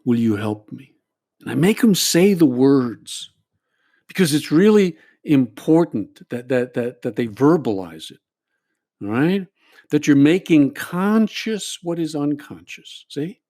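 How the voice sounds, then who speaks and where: A man's voice: a little high, darkish tone. A male priest and counselor explaining a group therapy exercise. He speaks earnestly, restarts his phrases often, and keeps checking in with "all right?".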